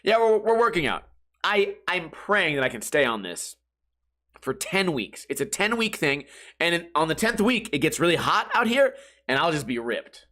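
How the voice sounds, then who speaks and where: A man's voice: a little high, sing-song, moderate pace, bright, forceful tone. A man hosting a podcast, telling a crude, rambling comedic story and laughing at his own jokes. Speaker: podcast host. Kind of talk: casual comedic monologue.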